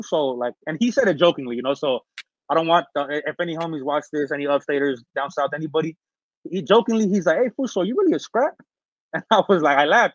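A man from Northern California tells his story fast in a casual interview, with fillers, restarts and slang. His voice sits a bit high, and he clears his throat now and then while getting over an illness. The recording is dull and lo-fi, close and dry. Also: no room sound. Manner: rambling, many fillers and restarts, street slang. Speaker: interview guest.

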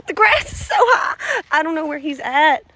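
A woman's voice: high-pitched, sing-song, unhurried, bright, forceful tone, a little hiss or hum. A woman filming a casual vlog outdoors on her farm, talking to her animals and often exclaiming. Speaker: farm vlogger.

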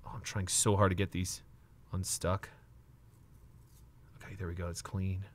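A deep-voiced young man opens trading card packs on a live stream at a normal speed. He's excitable and nervous, speaking to his chat and cursing now and then.

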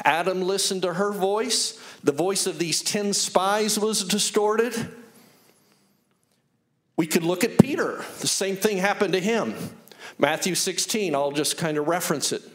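A male pastor preaching an animated sermon, telling personal stories and acting out the dialogue he retells. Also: sits high, unhurried. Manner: earnest, personal testimony.

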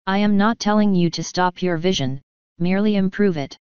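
A woman voicing a wise, regal female pony princess who speaks in a measured, formal, gentle way. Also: mid-range voice, clean tone, no room sound, dull audio, lightly acted. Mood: calm.

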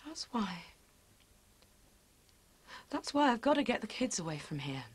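Worn-out wife, exasperated, lively intonation, TV drama. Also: female voice, on the high side, measured pace, slightly rough, heavily acted. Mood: weary. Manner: weary and exasperated. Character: weary wife leaving her husband.

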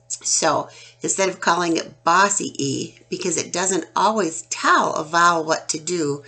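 A woman teaching a children's phonics lesson, talking slowly and deliberately and sounding out letters one by one. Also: lowish voice, vocal fry, pushed and bright, breathy edge.

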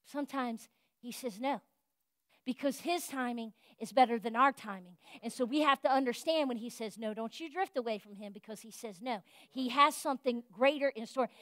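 A woman pastor preaching a sermon in a fervent, folksy way, rising to loud exhortation and dropping to soft, confiding talk. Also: on the high side, moderate pace, no room sound, studio quality. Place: church.

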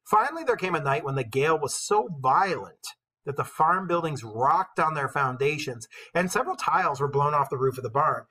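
A male teacher reading a novel aloud with expressive storytelling, pausing to comment for his class. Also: on the high side, breathy edge, low-quality recording.

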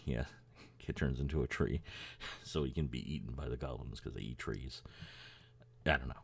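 A man's voice: extremely low pitch, moderate pace, gravelly, breathy edge. A man hosting a podcast in casual, rambling chat, swearing freely and chuckling as he talks. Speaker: podcast host.

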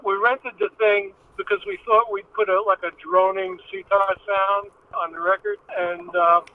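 A man, a musician guest, telling stories in a relaxed, matter-of-fact way during an interview. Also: sits high, moderate pace. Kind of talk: casual interview over the phone. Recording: tinny phone line with faint noise.

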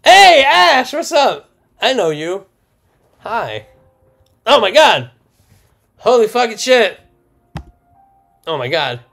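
A young man live-streaming a card opening, loud and swearing, laughing and shouting with excitement. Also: sits high, slow, creaky, pauses often. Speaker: streamer opening trading cards.

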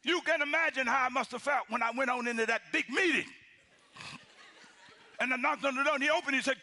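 A middle-aged male pastor telling a story in a sermon. His delivery is animated and acted out, shifting between loud shouted lines and hushed near-whispers. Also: very high voice, fast talker, slight background noise.

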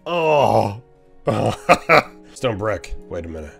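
A man streaming a game, giving casual, excitable commentary, laughing often and teasing other players. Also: fairly low pitch, moderate pace, gravelly, faint music behind.

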